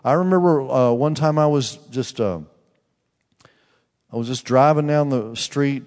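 A man's voice: medium pitch, a little slow, darkish tone. A male preacher tells a testimony and speaks directly to his listeners in a fervent way, with many restarts. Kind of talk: sermon with personal testimony. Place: church sanctuary. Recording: long reverb in a large hall.

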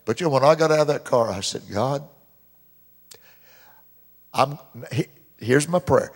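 A man preaching a sermon as pastor, stretching out key verses slowly and loudly, with dramatic emphasis. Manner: mimics complainers in a high whiny voice. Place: church sanctuary. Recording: long reverb of a church hall.

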